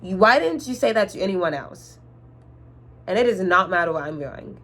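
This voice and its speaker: Exasperated young woman ranting, soft R. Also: fairly low pitch, moderate pace. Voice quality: cannot say R sounds. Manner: animated, exasperated, swears freely. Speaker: vlogger. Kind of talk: storytime rant.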